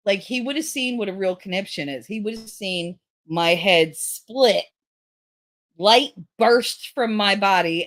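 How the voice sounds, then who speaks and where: A woman's voice: mid-range voice, unhurried, fairly bright tone. Blunt, laughing woman streamer. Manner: blunt, profane, laughs often. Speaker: livestream host. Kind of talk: casual chat with live chat.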